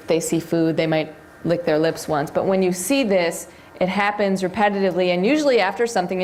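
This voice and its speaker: A woman's voice: mid-range voice, a little mellow. A woman giving a live seminar lecture to a room of listeners, talking them through video clips in a chatty way and quizzing them as she goes. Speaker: seminar instructor.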